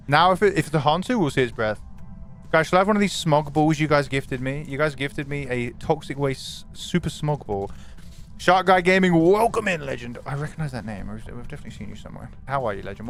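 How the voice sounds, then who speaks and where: A man's voice: a little high, a bit bright. A man streaming a game live, commenting animatedly, swearing and greeting his chat.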